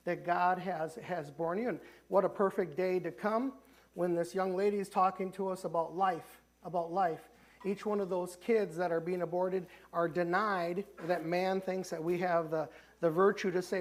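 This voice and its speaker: A man's voice: sits high, steady tone, moderate pace. A man with a Midwestern American accent preaching a sermon as pastor in a church sanctuary, talking conversationally with many restarts. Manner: conversational preaching, frequent restarts, voices the characters he retells.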